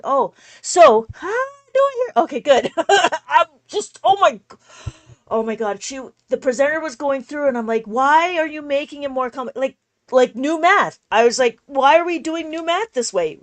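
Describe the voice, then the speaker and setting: A woman teaching math in a casual livestream, talking in an animated, exasperated way. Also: high voice.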